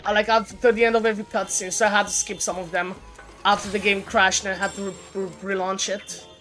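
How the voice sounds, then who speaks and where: A woman streams a game from her home setup, chatting casually and often stumbling over and restarting her sentences as faint game music plays behind her. Her medium-pitched voice is flat in delivery, fairly quick, and fairly bright in tone.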